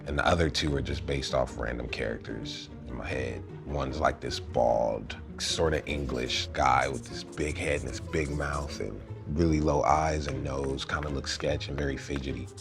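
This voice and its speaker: A man's voice: rumbling low, steady tone, moderate pace, gravelly, hardly any pauses. A man in his twenties talking casually and playfully about making a stop-motion film, joking bluntly as he explains. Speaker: host, filmmaker. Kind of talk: casual behind-the-scenes chat. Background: music.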